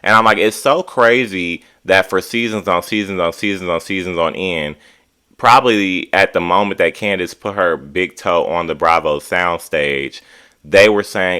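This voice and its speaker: A man hosting a casual reality TV recap, talking in an animated, sassy, opinionated way. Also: low voice, clear, resonant tone. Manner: animated, sassy, drawn-out commentary.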